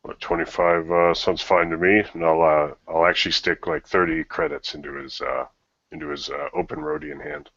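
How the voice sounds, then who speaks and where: A man's voice: low-pitched, fairly even intonation, moderate pace, creaky, fairly bright tone, no room sound, highs cut off. A man playing in a tabletop game, talking hesitantly with many fillers. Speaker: player.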